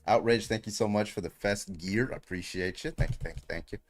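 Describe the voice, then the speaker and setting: A man's voice: fairly low pitch, brisk, dry recording. A man hosting a livestream in casual chat, laid-back and full of likes and you-knows. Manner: laid-back, heavy use of like and you know. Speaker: livestream host.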